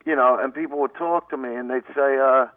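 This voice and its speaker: A man's voice: mid-range voice, steady tone, fairly quick, dry recording. A middle-aged man from Brooklyn with a Brooklyn accent, a comedian talking brashly and rambling through a phone-in radio interview. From Brooklyn, New York. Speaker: guest comedian. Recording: tinny phone line, dry.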